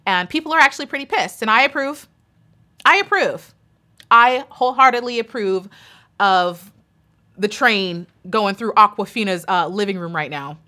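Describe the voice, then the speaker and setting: A woman's voice: on the high side, pushed and bright. An American woman talking straight to her channel's viewers in an emphatic, indignant opinion vlog, hammering her points home with repetition. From United States. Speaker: YouTuber.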